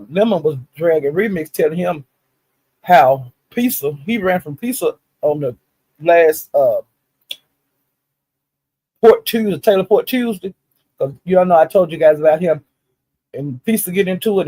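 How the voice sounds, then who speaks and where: On the high side, mellow and a bit breathy, this man's voice comes through with no echo. He's a commentator dishing live-stream drama gossip with animation and a casual air, full of profanity and frequent cries of "honey" and "child."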